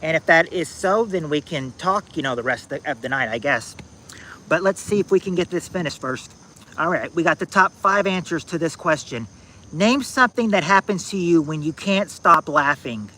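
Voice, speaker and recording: A man hosting a casual trivia game on a livestream, reading viewers' answers aloud in a halting, repetitive way, outdoors at night on a phone. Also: on the high side, expressive, bright, forceful tone, slight background noise, poor audio. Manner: halting and repetitive, restarting phrases, drawling out answers.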